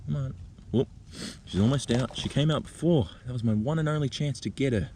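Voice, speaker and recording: A man vlogging outdoors in the bush, talking gently and excitedly as he coaxes a spider out of its burrow. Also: mid-range voice, fairly quick, a little hiss or hum. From Australia. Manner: excited, gentle, coaxing, thinking aloud. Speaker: nature vlogger. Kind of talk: outdoor wildlife vlog, talking to camera. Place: outdoors in a bushland reserve.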